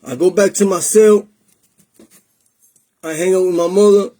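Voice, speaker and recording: A man's voice: sits high, fairly even intonation, measured pace, dark tone. A man telling his personal testimony in an emotional, streetwise way, slipping Spanish into his English. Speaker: testimony speaker.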